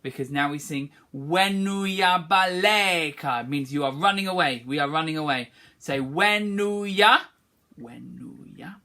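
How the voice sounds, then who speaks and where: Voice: mid-range voice, measured pace, pushed and bright. A music teacher leading an online singing lesson for schoolchildren, encouraging and demonstrating phrases for the class to repeat.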